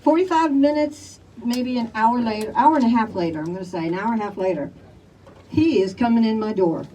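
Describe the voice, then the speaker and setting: An older woman from Chicago gives impassioned testimony at an outdoor gathering, pressing each point on the crowd. Her voice sits a little high, and she is caught from some distance, with faint street and crowd noise behind her. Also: brisk, warm tone. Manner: emphatic, rallies the crowd with "all right?". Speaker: speaker at a community rally.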